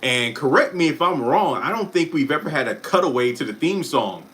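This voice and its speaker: A man's voice: on the high side, animated, brisk, fairly bright tone. Chatty man hosting a live stream. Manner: chatty, self-interrupting, apologetic asides. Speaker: YouTube live stream host. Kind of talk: casual live stream chat reacting to viewer comments.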